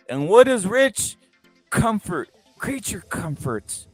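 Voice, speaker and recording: A man hosting a live boxing talk show with a fairly high voice, animated and profane. He keeps firing rhetorical questions at the chat and hammering the same points, with faint music under him. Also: slow, dry recording. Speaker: host.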